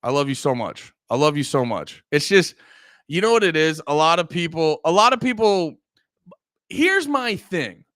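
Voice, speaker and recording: A man's voice: a little high, lively intonation, moderate pace, fairly bright tone, dry recording, studio quality. A man from Pennsylvania, a comedian hosting a livestream, talking to his chat in a profane, rambling, heated way. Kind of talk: casual livestream talk to chat.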